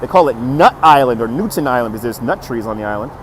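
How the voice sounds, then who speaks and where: Walking down a city street on a livestream, a man greets viewers by name, upbeat and chuckling, filmed on a phone on a handheld gimbal with faint traffic behind. His mid-range voice is animated and fast.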